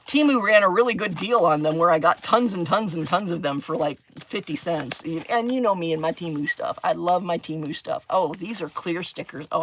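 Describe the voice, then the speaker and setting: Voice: mid-range voice, a bit bright. A middle-aged crafting host chatting casually on a livestream while working. Chatty and giggly, with frequent exclamations.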